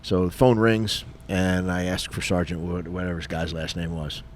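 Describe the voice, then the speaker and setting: A middle-aged retired police officer co-hosting a podcast, telling a story in a lively, casual way and acting out the dialogue. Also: male voice, sits low, normal speed, a little hiss or hum. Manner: animated, acts out dialogue, frequent fillers.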